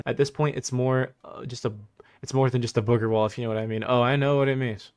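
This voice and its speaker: A man's voice: mid-range voice, fairly even intonation, fast, a little mellow, clean tone. A young man hosting a livestream, talking casually in a mocking, laughing, slangy way. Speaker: livestream host.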